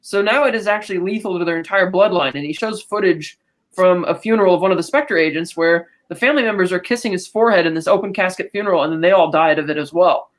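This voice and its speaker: A woman co-hosting a podcast, casually recapping a film and quoting characters in quick asides. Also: fairly low pitch. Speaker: podcast co-host.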